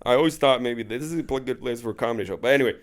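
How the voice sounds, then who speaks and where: A man's voice: mid-range voice, racing, a loud crowd. A man co-hosting a comedy podcast, telling a rambling anecdote in casual chat full of fillers.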